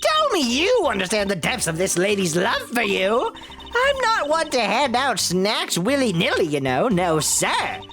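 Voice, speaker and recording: A woman voicing a loud, bossy old lady who dotes on a younger man, scolding shrilly and then dropping to mutters. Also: on the high side, huge pitch swings, measured pace, voice pushed down, heavily acted. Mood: doting.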